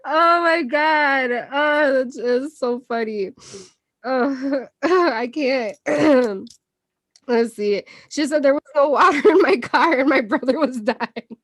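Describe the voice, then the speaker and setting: Female co-host, high and unhurried, giggly and crude, dry close sound. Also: no echo. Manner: laughing a lot while retelling a story; profane, loose storytelling. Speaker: podcast co-host. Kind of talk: casual chat.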